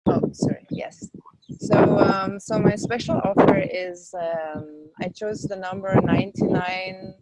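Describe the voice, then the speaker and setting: A woman with a medium-pitched voice speaks slowly, her pitch swinging widely. She's a spiritual teacher and tour leader appearing as a guest in a casual outdoor interview, wind blowing, chatting enthusiastically about her tours and workshops with plenty of fillers.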